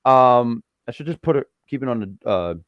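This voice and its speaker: A man's voice: mid-range voice, expressive, normal speed, dry recording, muffled recording. A man co-hosting a wrestling review show, joking and rambling in casual chat.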